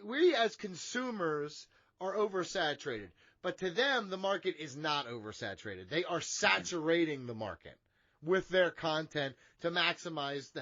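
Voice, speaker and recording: A man's voice: on the high side, bright, forceful tone, no echo, dull audio. A man co-hosting a wrestling podcast, talking casually and profanely, often repeating words as he works through a point. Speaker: podcast co-host.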